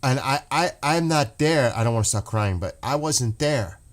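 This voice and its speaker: A man's voice: mid-range voice, expressive, moderate pace. Impassioned man rambling on a livestream. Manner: emotional, impassioned, swearing; rambling with restarts. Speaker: livestream host. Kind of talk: casual livestream commentary.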